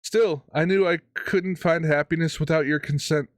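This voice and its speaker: A man's voice: a little high, steady tone, normal speed, dry recording, clean studio sound, voice pushed up, close to an everyday voice. A man voicing a lovestruck young princess in a game, reading her lines in an earnest, pleading way.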